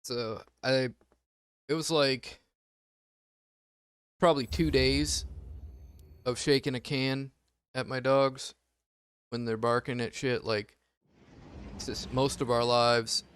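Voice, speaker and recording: A man's voice: medium pitch, fairly bright tone, smooth. A man chatting casually on his game stream, rambling, swearing freely and laughing often. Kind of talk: casual gaming stream chat.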